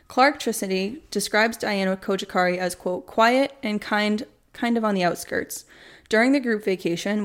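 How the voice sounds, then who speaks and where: A young woman hosting a true crime podcast, reading updates and then chatting candidly and loosely. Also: medium pitch. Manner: candid, chatty, swears casually. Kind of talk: casual podcast narration.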